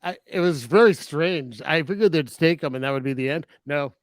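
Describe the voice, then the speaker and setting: A man's voice: on the high side, brisk, no echo. A man co-hosting a podcast, chatting casually about a horror film with sarcastic asides and frequent laughter. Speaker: podcast co-host. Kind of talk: casual film review chat.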